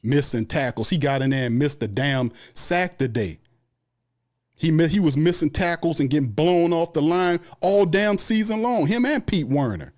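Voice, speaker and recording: A man's voice: on the high side, expressive, normal speed. A man hosting a sports show, delivering an angry, profane fan rant full of repeated complaints. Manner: angry, profane, repetitive ranting.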